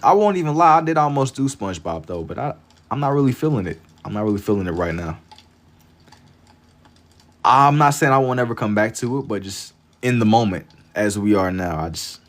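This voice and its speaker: Laid-back slangy man with a low voice. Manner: laid-back, slangy, repeats phrases while thinking. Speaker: livestreamer drawing for chat. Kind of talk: casual live-stream chat.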